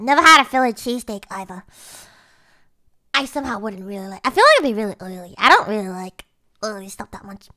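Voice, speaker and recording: A woman streamer in casual livestream chat, reading chat aloud and swearing casually. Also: on the high side. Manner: swears casually, breaks into loud laughter.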